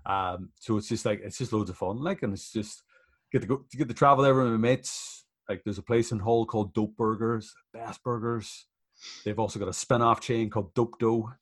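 A man's voice: fairly low pitch, steady tone, moderate pace. A man chatting casually on a podcast about wrestling shows, laughing often and swearing freely. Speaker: professional wrestler guest.

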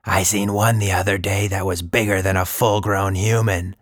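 A man voicing a gruff, cowardly sewer mouse with slangy street talk. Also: deep voice, flat delivery, normal speed, dry recording, clean studio sound.

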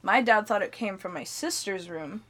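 A woman's voice: mid-range voice, normal speed, a bit bright. Rambling young woman telling stories. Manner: rambling storyteller, heavy on filler "like". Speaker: podcast co-host. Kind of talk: casual podcast chat.

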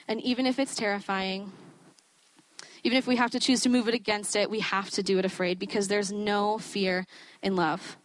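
A woman's voice: medium pitch, no echo. A young woman giving a sermon in a chatty, self-deprecating way, often breaking into laughter. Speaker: student preacher.

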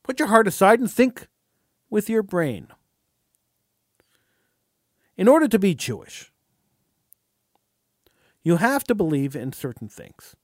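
A man's voice: sits high, big pitch swings, slow, pauses often, no room sound, clean studio sound. A man hosting a talk radio show, delivering an impassioned commentary monologue and often repeating words as he starts a phrase.

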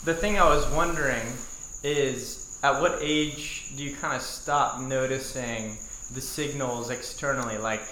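A man co-hosting a podcast, asking curious, prodding questions in casual chat. His voice echoes around the room over a steady background noise. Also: medium pitch, a little slow. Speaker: podcast co-host.

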